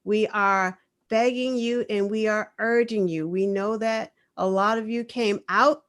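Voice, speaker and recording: Woman, Boston accent, online news co-host, laughs often, slow unhurried talk. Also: mid-range voice, smooth. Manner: animated, laughs often, urging. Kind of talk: casual chat.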